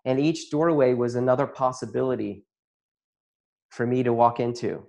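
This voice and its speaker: A man's voice: medium pitch, normal speed, vocal fry, dark tone. A man who works as a chiropractor and facilitator, giving an earnest, emotional personal testimony to an audience and often breaking into laughter.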